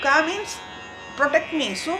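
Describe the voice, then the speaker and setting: A woman's voice: high-pitched, a little fast, over music, rough recording. A woman, a Carnatic vocalist, explaining how she tunes lyrics and breaking into sung phrases to show it. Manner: explains, then sings phrases to demonstrate. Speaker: Carnatic vocalist and music teacher. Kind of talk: online music lesson with sung examples.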